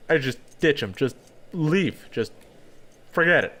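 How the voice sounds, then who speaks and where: A man's voice: fairly high pitch, expressive, a little slow, pauses often, sharp tone. A man giving casual let's-play commentary with chatty, self-mocking asides.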